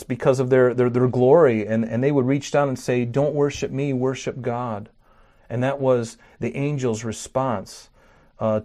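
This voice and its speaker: A man preaching a sermon, animated, acting out scripture quotes and stumbling through restarts. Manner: animated preaching, acts out scripture quotes with rising pitch and volume; fillers and restarts. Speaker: pastor.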